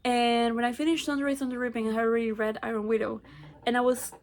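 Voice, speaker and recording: Chatty young woman, slightly high voice. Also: level tone, fast. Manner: chatty, rambling, with many fillers and self-corrections. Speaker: book vlogger. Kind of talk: casual book review chat.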